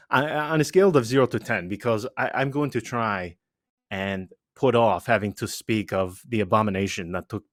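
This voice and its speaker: A man hosting a casual podcast chat, animated and rambling, full of asides and restarts. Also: lowish voice, no echo, clean studio sound. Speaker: podcast host.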